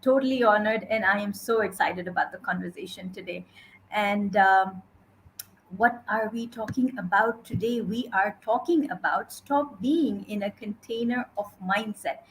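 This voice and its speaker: A woman's voice: medium pitch, moderate pace, slight background noise, poor audio. A woman hosting a live talk show, introducing her guest with bubbly enthusiasm. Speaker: host.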